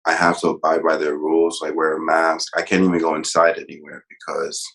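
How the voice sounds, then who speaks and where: A man's voice: rumbling low, level tone, fairly quick, gravelly, fairly bright tone. A man chatting casually as a podcast guest, plainspoken and matter-of-fact. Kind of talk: casual chat.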